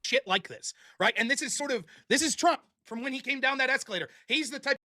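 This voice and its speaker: A man's voice: very high voice, expressive, fast talker, pushed and bright. A man in a played clip talking bluntly about politics, swearing freely and tagging points with "right?". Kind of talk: casual political debate talk.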